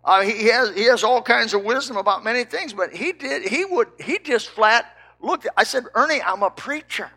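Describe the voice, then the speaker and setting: An older man, a preacher from Indiana, telling a folksy story with lively quoted dialogue. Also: very high voice, normal speed. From Indiana, United States. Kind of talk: storytelling sermon.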